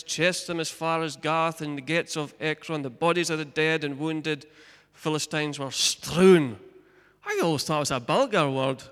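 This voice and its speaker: Pastor with a bright, ringing voice. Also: male voice, on the high side, smooth, big-room sound. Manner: animated storytelling, asides to the congregation. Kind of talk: sermon with scripture reading.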